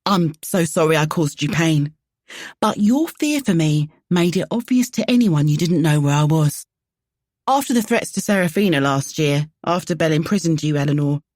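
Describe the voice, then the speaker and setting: A man's voice: on the high side, lively intonation, normal speed, a little mellow, no echo, studio quality. A woman voicing an earnest, apologetic young man with a broad London accent. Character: earnest young male fugitive, apologetic and loyal.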